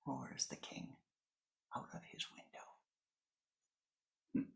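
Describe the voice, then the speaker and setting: Woman, spiritual teacher, parable storytelling, low gravelly voice, whispered asides. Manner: slow, with many whispered asides and repeated phrases. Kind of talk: storytelling in a meditation talk.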